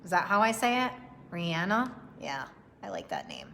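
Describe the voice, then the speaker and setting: A woman's voice: fairly low pitch, huge pitch swings, fairly quick, gravelly, pushed and bright, a little hiss or hum. A young woman giving a casual livestream tarot reading, chatty and profane, laughing often and greeting viewers by name. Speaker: tarot reader.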